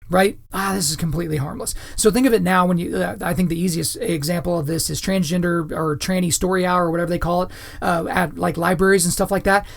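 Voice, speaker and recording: A man's voice: high-pitched, gravelly. A man hosting a podcast, giving opinionated commentary in a lecturing way, often checking in with his listeners. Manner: lecturing, keeps checking in with "right?" and "okay?". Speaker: podcast host.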